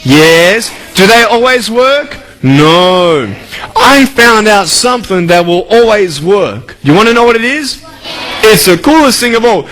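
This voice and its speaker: Bright-voiced, playful man addressing kids. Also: high-pitched, a little slow, a little hiss or hum, low-quality recording. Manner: playful, energetic, quizzes the crowd. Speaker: motivational speaker. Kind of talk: speech to a school audience.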